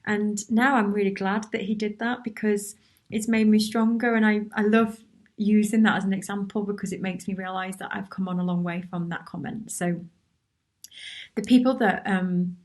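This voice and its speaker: Woman host, live Q&A, chatty and encouraging, reads viewers' comments, mid pitch. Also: fairly even intonation, moderate pace. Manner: chatty and encouraging, with many restarts and asides. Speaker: workshop host answering viewer questions. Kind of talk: casual live Q&A.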